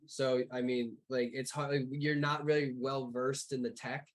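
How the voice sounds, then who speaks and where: Brief: male game master, mid-pitched, loose and rambling with casual cursing. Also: flat delivery, a little slow, rough recording. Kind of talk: narrating a tabletop game.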